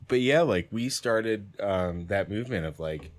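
A man's voice: on the low side, expressive, unhurried. A man in his twenties, a music producer, telling stories in a loose, rambling podcast chat. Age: 20s. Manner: loose, rambling storytelling full of "like".

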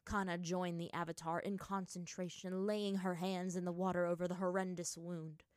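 A woman with a low voice reads a story aloud in a dramatic storytelling manner. The sound is dry and close, with no room around it. Her delivery builds in force during action passages. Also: little pitch movement, moderate pace, a little mellow, clear, resonant tone, no room sound. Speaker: narrator. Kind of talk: reading fan fiction aloud.

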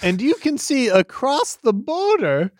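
A woman's voice: sits high, big pitch swings, unhurried, a little mellow, dry recording, studio quality. A woman in an improvised comedy chat, hesitant and drawn out. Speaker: improv player.

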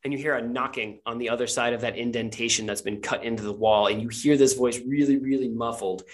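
Game master, rambling narration, filler-heavy, mid pitch. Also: steady tone, fast talker, few pauses.

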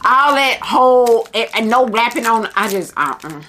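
A young woman talking to her viewers in a casual vlog, blunt, profane and animated. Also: a little high, moderate pace, a little hiss or hum. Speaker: vlogger.

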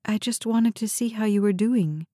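A woman's voice: medium pitch, normal speed, dark tone, dry recording, clean studio sound, lightly acted. A woman reading the part of an anxious, trusting young woman, speaking hesitantly. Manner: hesitant, trembling.

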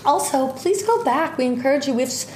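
A woman's voice: sits high, expressive, quick pace, darkish tone. A woman co-hosts a podcast in easy, casual chat and tastes food between remarks. She speaks in a home kitchen. The room is echoey, with faint ambient noise underneath. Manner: chatty, eating while talking. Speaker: podcast co-host.

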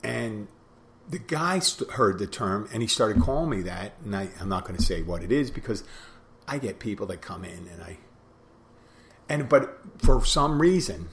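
A man's voice: medium pitch, fairly bright tone, slight background noise. A man hosting a podcast, telling a bar story in a rambling casual way, repeating phrases and acting out both sides of the talk. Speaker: podcast host, bartender.

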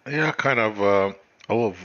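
A man's voice: fairly low pitch, normal speed, a bit bright, dull audio, a little hiss or hum. A man co-hosting a podcast, chiming in with brief, laughing interjections. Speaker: podcast co-host. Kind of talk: casual podcast chat.

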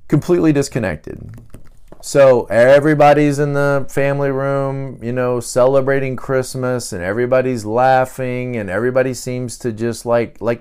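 Guy talking through a podcast topic, smooth clear voice, lots of um and restarts. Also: mid-range voice. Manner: conversational, many restarts and fillers, acts out quoted voices. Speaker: podcast host. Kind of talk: casual teaching talk.

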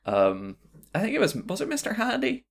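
A man's voice: high voice, wildly swooping pitch, moderate pace, vocal fry. A man hosting a podcast, chatting casually and playfully while reading out listener suggestions. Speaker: podcast host. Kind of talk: casual chat.

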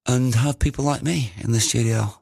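Gravelly man telling stories. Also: mid-range voice, normal speed, a little mellow, no room sound, studio quality. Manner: rambling, many ums and restarts. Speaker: musician guest. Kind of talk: casual anecdotal storytelling.

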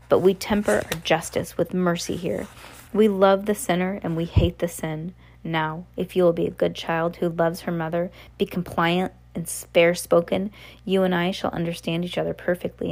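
A woman voicing a storybook villain mother, syrupy and condescending, whose tenderness hides control. Her voice sits low with a gravelly texture. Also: a little mellow. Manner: saccharine, condescending. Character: sinister, smothering false mother, sweetly controlling. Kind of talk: audiobook reading.

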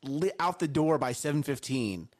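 A man's voice: fairly high pitch, animated, normal speed. A man co-hosting a morning show in casual chat, speaking emphatically as if coaching.

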